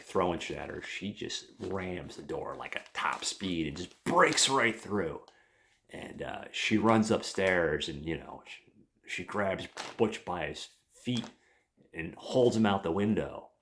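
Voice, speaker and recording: A man's voice: low voice, gravelly, a bit bright. A man, a podcast host, retelling a comic book plot in a rambling, casual way with lots of fillers and swearing. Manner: rambling, profane, many fillers.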